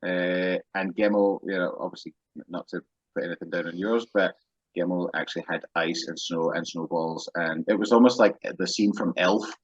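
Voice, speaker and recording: Male podcast host, low-pitched voice, dull lo-fi audio, loose joking chat. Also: steady tone, normal speed, slightly rough, dry recording. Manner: joking, rambling, laughs often.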